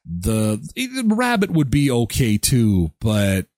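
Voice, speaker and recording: Male daily-show host, animated, amused, dry close mic. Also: medium pitch, takes it slowly, no room sound. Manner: animated, amused, thinking aloud. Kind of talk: casual commentary on videos.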